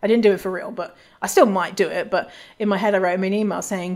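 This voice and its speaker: A woman's voice: mid-range voice, fairly even intonation, quick pace, a little mellow. A woman hosting a solo podcast, talking casually and candidly, swearing freely and restarting her sentences often. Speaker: podcast host.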